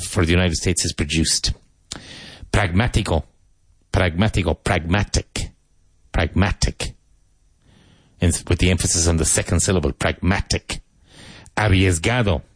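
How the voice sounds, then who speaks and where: A man teaching English vocabulary, saying each word slowly, repeating it and spelling it out, with tips on pronunciation. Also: low voice, no room sound. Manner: slow, deliberate, repeats and spells out words.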